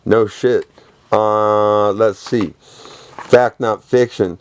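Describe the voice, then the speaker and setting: A man's voice: on the low side, fairly even intonation, extremely slow, slight background noise. A man delivering a rambling, profane, boastful monologue, laughing between phrases.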